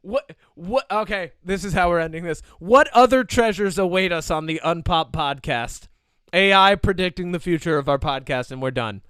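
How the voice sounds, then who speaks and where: A man hosting a casual podcast over a video call, excitable and quick to laugh. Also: high voice, clean tone, no room sound, studio quality. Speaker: podcast host.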